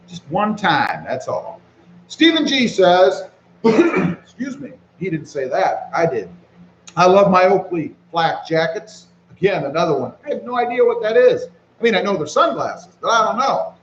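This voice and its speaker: A man hosting a casual live stream, reading viewer comments aloud and greeting people by name in a relaxed way while he walks around with his phone. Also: high-pitched, echoey room, highs cut off, a little hiss or hum. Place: walking around outdoors.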